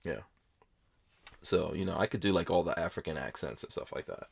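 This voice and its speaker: A man's voice: low-pitched, brisk, gravelly, slight background noise. A man hosting a podcast, chatting casually and telling rambling stories with frequent laughs. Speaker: podcast host.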